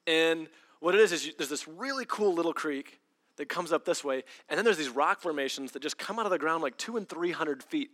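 A man delivers a storytelling sermon in a bright, forward tone that sits a little high. He acts out quoted lines as he goes and repeats words for emphasis.

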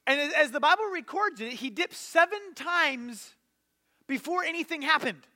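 A pastor tells the story with casual, animated energy, dropping plenty of fillers as he goes. His voice sits very high for a man. It sounds bright and forward. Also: normal speed. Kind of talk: sermon storytelling.

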